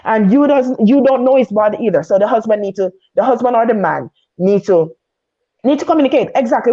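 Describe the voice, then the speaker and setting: A woman's voice: on the high side, expressive, a little fast, warm tone, highs cut off. A married woman on a video call, giving earnest, candid advice and repeating points for emphasis. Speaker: married guest on a panel. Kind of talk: heartfelt advice talk.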